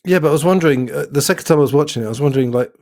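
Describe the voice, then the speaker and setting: A man's voice: on the high side, rapid-fire, a little mellow, dry recording. A man hosting a podcast, casually talking through a film in a musing, slightly hesitant way. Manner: leads the talk, musing and a bit hesitant. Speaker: podcast host.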